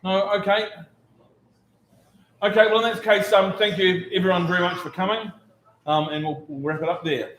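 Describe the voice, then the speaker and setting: A man hosting a memorial gathering tells a wry anecdote and thanks everyone for coming. His voice is a bit higher than most men's. It echoes around the room, with faint ambience behind. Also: steady tone, normal speed, pauses often, fairly bright tone, slight background noise. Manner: wry storytelling.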